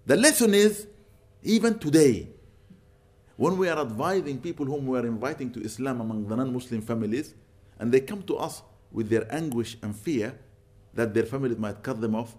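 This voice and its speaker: An older man giving an Islamic lecture, telling stories earnestly with sudden bursts of loud emphasis. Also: medium pitch, moderate pace. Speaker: Islamic preacher. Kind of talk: religious lecture with storytelling.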